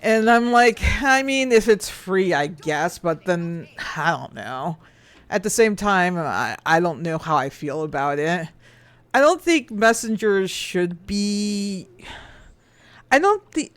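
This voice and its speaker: A high-pitched man chats casually on a game stream, reading out messages from his viewers. He rambles with plenty of hesitation and laughs easily, and his voice sounds dry and close. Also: a bit bright, no echo.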